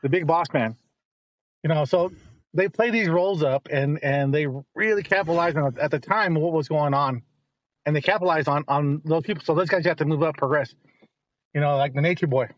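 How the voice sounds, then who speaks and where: Middle-aged man, rambling casual storyteller, high-ish voice, dry dull lo-fi sound. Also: fairly quick, dry recording. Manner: rambling, animated when quoting others. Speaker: guest, host's father.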